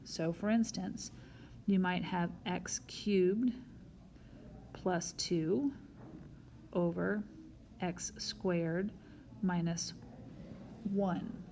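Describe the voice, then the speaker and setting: A woman's voice: lowish voice, fairly even intonation, very slow, long pauses, warm tone, a little hiss or hum. A woman math teacher recording a whiteboard lesson, explaining each step patiently and talking straight to her students.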